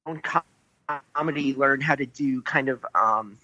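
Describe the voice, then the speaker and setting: An American man talks casually over a video call, his voice bright and forceful. He speaks hesitantly, with frequent restarts. He is calling from a foyer in an office building. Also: mid-range voice, normal speed, muffled recording. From United States. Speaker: guest.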